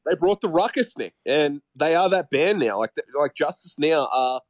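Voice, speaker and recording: A man co-hosting a podcast in casual chat, excitable and swearing, often calling his co-host by name. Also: on the high side, normal speed, no room sound.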